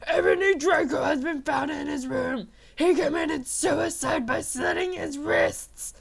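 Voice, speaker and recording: A woman voicing an old male wizard headmaster, delivering overwrought, melodramatic lines loudly. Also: extremely low pitch, fairly even intonation, slow pace, vocal fry, pitched below the performer's own voice, full character voice. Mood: sobbing.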